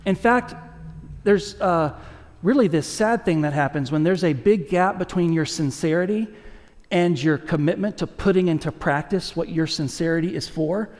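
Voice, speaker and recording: Energetic pastor preaching in a reverberant hall. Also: male voice, on the high side, moderate pace. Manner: conversational, energetic preaching with asides to the congregation. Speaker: lead pastor. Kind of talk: sermon. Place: church sanctuary.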